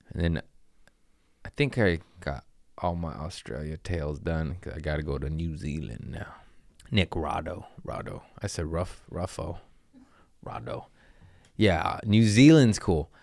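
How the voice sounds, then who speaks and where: Man, low deep voice, casual podcast host, jokey and rambling, dry close sound. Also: a little slow, gravelly, long pauses, darkish tone, dry recording. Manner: loose, jokey, swearing, trailing asides. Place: home.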